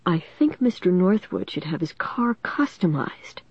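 A woman reader voicing a cocky teenage boy prankster in a low, conspiratorial whisper. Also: very animated, a little slow, breathy edge, dry recording, dull audio, exaggerated voice. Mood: sly whisper.

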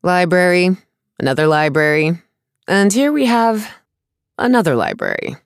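A man's voice: a little high, very animated, moderate pace, gravelly, no room sound, clean studio sound, pitched above the performer's own voice. A male narrator voicing a small, brusque, sarcastic woman artificer who talks bluntly and impatiently. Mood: bored.

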